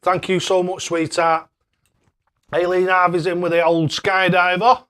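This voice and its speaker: A man's voice: high-pitched, little pitch movement, a little slow, a bit bright. A man hosting a casual live stream, chatting away and thanking viewers by name with matey banter. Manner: matey banter, calls people mate.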